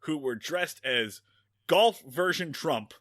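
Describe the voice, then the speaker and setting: Podcast co-host: bright, slightly high male voice, rambling, animated, profane storyteller, dry close mic. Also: slow pace, dry recording. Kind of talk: casual chat.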